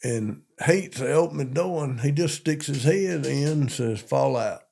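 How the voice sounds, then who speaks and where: With a creaky, husky voice on the high side, an older Southern-accented man speaks at a measured pace. He's a police chief from Monroe, Georgia, and during an interview he animatedly recounts army stories in a folksy style, repeating himself often.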